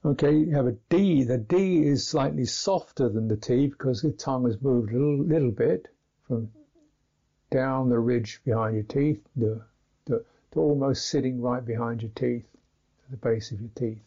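A man gives an unhurried pronunciation lesson, carefully repeating each consonant as he demonstrates it. His voice is warm and low-toned with a gravelly edge. The recording sounds muffled and lo-fi. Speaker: Buddhist meditation teacher. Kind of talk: slow instructional talk on pronunciation. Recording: dull lo-fi recording.

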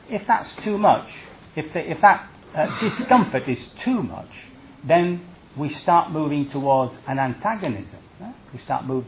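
Animated monk giving a dharma talk. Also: male voice, mid-range voice, highs cut off, slight background noise. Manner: conversational, checks in with "see?" and "okay?"; lively, acts out reactions with humor. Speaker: Buddhist monk teacher.

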